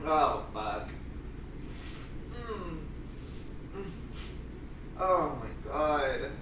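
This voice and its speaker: A man's voice: on the high side, sing-song, extremely slow, pauses often, background noise. A young adult man chatting casually on a livestream, profane and complaining, congested and coughing now and then.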